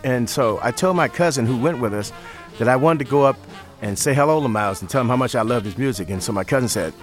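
A man from St. Louis telling stories in an interview, relaxed and often laughing, acting out the voices he quotes. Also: medium pitch, fast, faint music behind. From St. Louis, USA. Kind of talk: storytelling interview.

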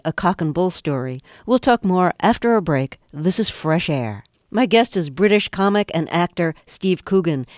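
A woman hosting a radio interview, reading introductions and asking measured, curious questions. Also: fairly low pitch, a little mellow, dry recording, studio quality. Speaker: radio host.

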